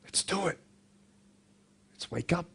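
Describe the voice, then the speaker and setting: A man giving an impassioned motivational speech to a school audience, moving from quiet intensity to emphatic shouting. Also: slow pace. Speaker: motivational speaker.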